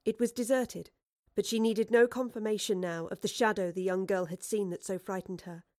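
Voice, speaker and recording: A woman narrates a story with lively expression. She reads into a close microphone. The sound is dry, with no room echo. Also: mid-range voice, moderate pace. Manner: expressive, animated character reading. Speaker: audiobook narrator. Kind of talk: scripted narration.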